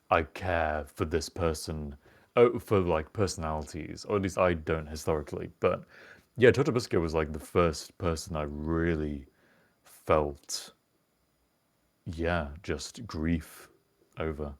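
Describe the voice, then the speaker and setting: A man's voice: extremely low pitch, measured pace. A young British man co-hosting a casual podcast, rambling and reflective, swearing now and then. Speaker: podcast co-host. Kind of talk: casual chat.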